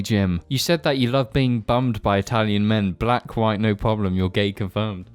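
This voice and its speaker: A man's voice: lowish voice, fairly even intonation, clear, resonant tone, no room sound. Jokey male podcast co-host. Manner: quick, jokey reading with interjections. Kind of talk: casual podcast banter.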